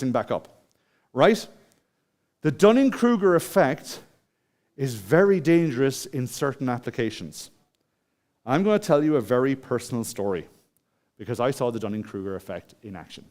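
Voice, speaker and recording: A man's voice: mid-range voice, animated, normal speed, long pauses, darkish tone. Irish guy doing a conference talk, casual, lots of restarts, hall mic. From Ireland. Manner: conversational, asks the audience questions, many restarts. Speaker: conference speaker. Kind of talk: conference talk with personal story.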